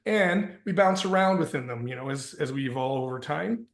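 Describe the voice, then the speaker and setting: A man's voice: mid-range voice, moderate pace, few pauses. A man co-hosting a relationship workshop, thinking aloud as he talks to a small group. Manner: thinking aloud, restarts and hedges. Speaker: workshop co-host. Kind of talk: relaxed talk to a small group. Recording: echoey room.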